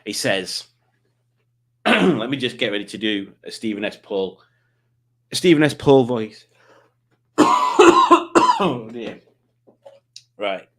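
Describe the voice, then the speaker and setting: A man's voice: lowish voice, lively intonation, takes it slowly, long pauses. Rambling Yorkshire man hosting a stream. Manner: rambling, self-deprecating, chatty. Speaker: live stream host. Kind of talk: casual chat reading comments.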